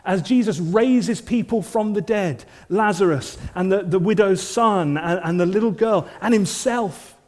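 A man preaching a sermon in an earnest manner, often dropping to soft, intense lines. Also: sits high, measured pace, few pauses, big-room sound.

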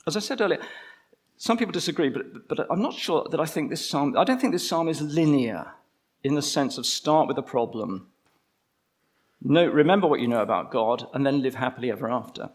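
A man preaching a conversational sermon, slowing down to stress key phrases. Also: on the high side, expressive, breathy edge.

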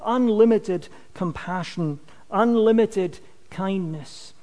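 Man, sermon, high-pitched voice, earnest, emphatic, phrase ends drop off, long hall reverb. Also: a little mellow. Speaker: preacher.

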